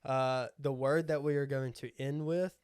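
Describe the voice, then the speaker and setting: A young man co-hosting a podcast, easygoing and halting with fillers. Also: mid-range voice, steady tone, a little mellow, smooth, dry recording. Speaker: podcast co-host. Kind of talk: casual chat.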